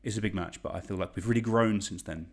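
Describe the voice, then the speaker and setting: Quiz host, young English man, deep voice, casual and chatty, pokes fun at himself. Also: fast, gravelly. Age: young adult. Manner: chatty, self-deprecating, reads shout-outs. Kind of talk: casual quiz hosting livestream.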